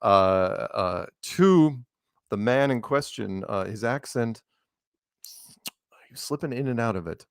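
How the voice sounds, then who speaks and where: A man's voice: medium pitch, lively intonation, takes it slowly, long pauses, smooth, dry recording, studio quality. A man talking as a guest in a casual, rambling chat, laughing often.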